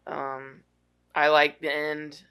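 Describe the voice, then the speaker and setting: Male podcast co-host, bright tone, easygoing movie chat with lots of fillers. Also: on the high side, slow pace, smooth. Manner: relaxed, reflective, with frequent fillers. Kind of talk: casual movie discussion.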